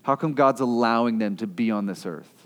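A man preaching a sermon as pastor, impassioned, swinging between loud outbursts and quiet asides. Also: fairly low pitch, fairly quick, big-room sound.

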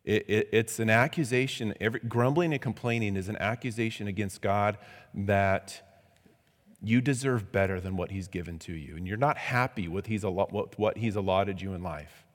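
A male pastor preaching a midweek sermon, animated and conversational, often restarting and repeating words. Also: moderate pace. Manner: animated, acts out quotes in a high voice. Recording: long hall reverb.

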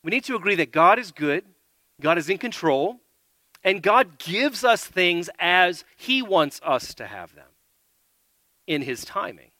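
A man delivers a sermon in a bright, forward voice pitched a little high. He talks earnestly, swinging between loud emphasis and quiet asides. The sound is close and dry, with little room around it. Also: big pitch swings, unhurried, no room sound. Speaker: preacher.

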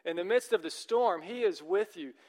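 An earnest male pastor preaches, his somewhat high voice ringing with the long reverb of a large church hall. He encourages his listeners and keeps turning to them with questions. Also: animated, moderate pace. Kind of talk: sermon.

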